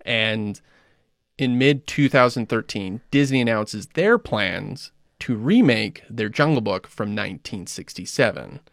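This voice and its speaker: A man hosting a casual podcast, explaining film history in a steady run with small restarts. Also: lowish voice, a little slow, gravelly, no echo, clean studio sound.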